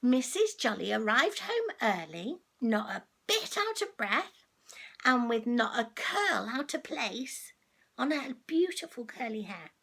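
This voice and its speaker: An older woman reading a children's story aloud as a grandmother, chatty and animated, stopping for asides to the listener. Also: fairly high pitch, unhurried, gravelly.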